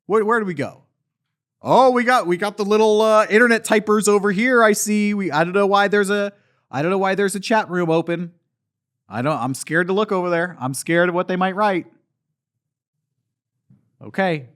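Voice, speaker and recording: A man's voice: sits high, moderate pace, pauses often, a bit bright. A middle-aged man playing a cancelled, self-pitying voice actor who rambles and repeats himself in showman patter at a convention panel. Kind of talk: comedic character monologue at a panel.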